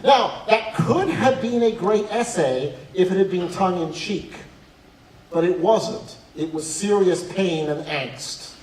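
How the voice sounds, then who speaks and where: A man speaking on college admissions at a school night, telling animated, humorous stories at an unhurried pace with a fairly high voice. He sounds far from the microphone in an echoey hall, with faint noise behind him. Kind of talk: talk to students and parents.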